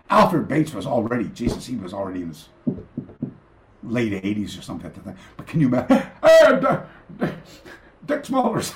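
A man's voice: lowish voice, creaky. Rambling male storyteller in an echoey room. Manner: rambling, self-interrupting, many fillers and restarts. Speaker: karate master, podcast guest. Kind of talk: anecdotal storytelling in a remote interview. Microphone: video call.

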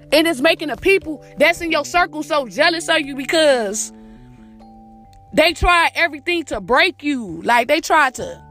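A woman with a high voice preaches a profane pep talk to her listener, circling back on the same phrases again and again. She calls the listener "my baby" and talks like a podcast host. Faint music plays behind her. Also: fairly bright tone. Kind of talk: motivational monologue.

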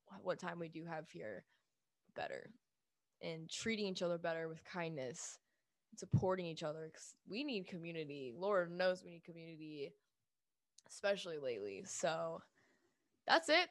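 This young female vlogger's rant is blunt, forceful and peppered with curse words and constant "like" fillers. She speaks at a middling female pitch, recorded up close in a dry space without echo.

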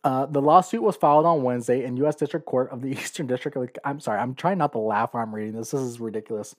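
A man's voice: medium pitch, fast. A man hosting a podcast, giving blunt, sarcastic opinions in a casual monologue. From California. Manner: blunt, sarcastic, laughs while reading. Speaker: podcast host.

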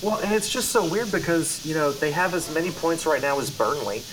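A man's voice: fairly high pitch, animated, a little fast, noisy background. A man co-hosting a sports podcast, talking casually and rambling, often restarting his sentences. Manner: rambling, lots of fillers and restarts. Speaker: podcast co-host.

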